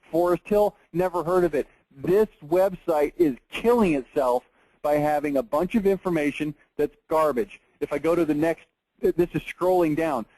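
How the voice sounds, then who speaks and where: A man's voice: sits high, darkish tone, dry recording, poor audio. A man, giving a blunt, emphatic marketing webinar with an exasperated edge. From Texas. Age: 40s. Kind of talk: webinar presentation over screen share.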